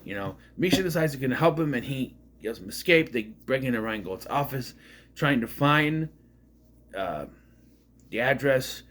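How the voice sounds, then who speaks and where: A man's voice: mid-range voice, lively intonation, normal speed, a bit bright. A man in his thirties giving a casual, rambling movie review, retelling scenes and acting out the characters' lines.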